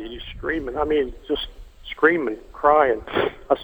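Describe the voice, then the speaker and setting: An older man recounts a personal family story in a halting, earnest way, full of fillers and restarts. His voice comes through a narrow, tinny phone line. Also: mid-range voice, steady tone, breathy edge. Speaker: guest telling a family story.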